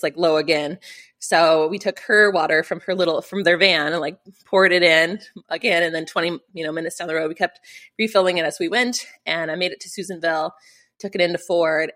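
Middle-aged woman, lowish voice, chatty storytelling, lots of "like", acts out the quotes. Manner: animated, acts out quotes, many fillers. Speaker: rally competitor. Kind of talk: storytelling in an interview.

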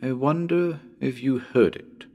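A man reading a story aloud as a chatty radio presenter on a ghost hunt, who talks straight to the listeners, calls out, then drops to a hush. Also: medium pitch, measured pace, a little hiss or hum, natural voice.

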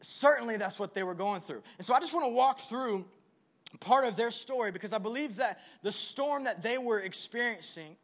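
A man's voice: very high voice, expressive, moderate pace, fairly bright tone. A young man preaching a conversational sermon, telling a story with self-deprecating humor before turning earnest and reassuring. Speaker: pastor.

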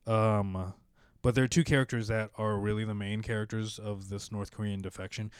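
Low-voiced man telling a story. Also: steady tone, moderate pace, clean tone, no room sound. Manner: rambling, full of fillers, acts out quoted voices. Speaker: podcast host telling a story. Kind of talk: casual storytelling chat.

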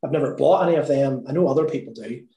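A man's voice: mid-range voice, fast, mellow. Give me a man with an Irish accent, a guest in a casual interview who tells a candid story full of laughter and swearing. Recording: roomy echo.

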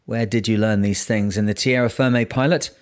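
A man reading the lines of a testy, grumbling old sea captain in his sixties with a gruff, growling voice. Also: lowish voice, fairly even intonation, moderate pace, close to an everyday voice. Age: 60s. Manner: bitter, grumbling. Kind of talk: audiobook character voice.

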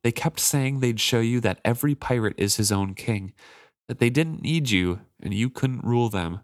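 A man reading aloud as a shaken, guarded young woman who speaks quietly and in a measured way. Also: medium pitch, dry recording, studio quality, natural voice.

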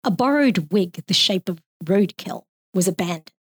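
A woman with an Australian accent reading her own poem aloud in a measured, expressive way. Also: medium pitch, husky, no echo, studio quality.

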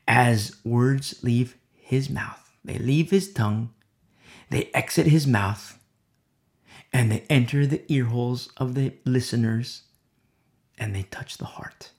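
Dramatic male preacher with gravelly voice. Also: medium pitch, slow pace. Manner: dramatic, swings from loud declarations to hushed whispers. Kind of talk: sermon.

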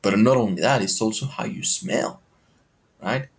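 Animated man with a low voice. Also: normal speed, gravelly. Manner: animated, questioning, swears casually. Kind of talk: motivational monologue.

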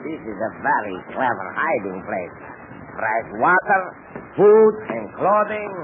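A man's voice: medium pitch, animated, measured pace, phone-quality sound, natural voice. Guy doing a sneaky henchman in broken english, 1940s radio play, crackly hissy broadcast. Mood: sly. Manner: broken English, sly and coaxing. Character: wily henchman, adult male, foreign, broken English.

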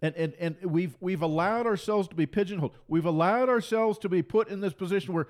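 Fiery high-voiced male preacher. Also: fast talker, hardly any pauses, a little mellow. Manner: fiery, repetitive, mocking. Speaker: Christian preacher and commentator. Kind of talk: impassioned preaching monologue.

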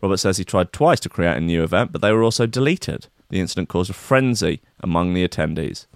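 A man's voice: sits low, expressive, quick pace, clear, resonant tone, no room sound, studio quality. Sarcastic, exasperated man ranting. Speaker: commentator reading news. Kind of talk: ranting news commentary.

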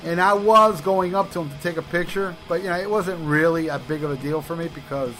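Male podcast co-host, bright tone, rambling casual storyteller. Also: on the high side, fairly quick, soft background music. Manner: rambling anecdotes with restarts and profanity.

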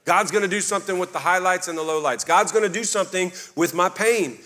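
Man, pastor, fervent sermon, slightly high voice, quiet to loud swings. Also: quick pace, hardly any pauses.

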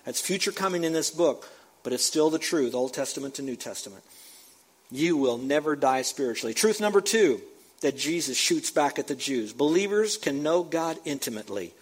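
A male pastor with a fairly high voice delivers a sermon. His delivery is emphatic, punching key words loudly and then falling to low asides. He stops his scripture reading to comment on it. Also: expressive, moderate pace. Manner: reads scripture aloud and breaks in with comments.

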